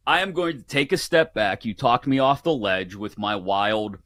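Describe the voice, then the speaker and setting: A man with a Pittsburgh accent and a bright, forceful voice, chatting and telling playful stories as a radio guest. The sound is dry and close, with no room echo. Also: fairly low pitch, moderate pace. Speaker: guest sports betting analyst. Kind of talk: casual radio chat.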